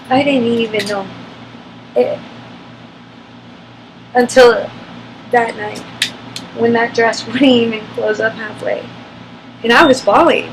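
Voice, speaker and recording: A woman's voice: on the high side, fairly bright tone, slight background noise, rough recording. A woman vlogger telling a personal story to the camera, candid and emotional, with many fillers.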